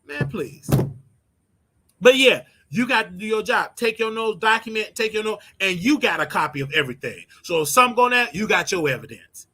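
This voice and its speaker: Blunt high-voiced man ranting advice. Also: lively intonation, brisk, few pauses, bright, forceful tone, slight background noise. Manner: blunt, preachy, repeats his points for emphasis. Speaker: show host. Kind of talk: casual advice rant.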